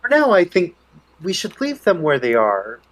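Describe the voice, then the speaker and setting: Man voicing his bard character in a tabletop game, thinks out loud. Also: sits high, huge pitch swings, normal speed, low-quality recording. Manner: musing, thinking aloud. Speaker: player.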